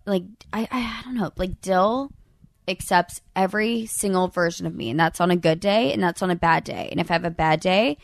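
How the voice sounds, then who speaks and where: A woman's voice: on the low side, brisk, creaky, no echo, clean studio sound. Hesitant, giggly woman guest. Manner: hesitant, soft-spoken, giggly. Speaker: podcast guest. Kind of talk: casual chat.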